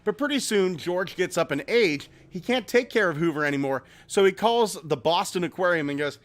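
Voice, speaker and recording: Animated, profane male podcast host. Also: high-pitched, a little fast, hardly any pauses. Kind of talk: casual podcast chat.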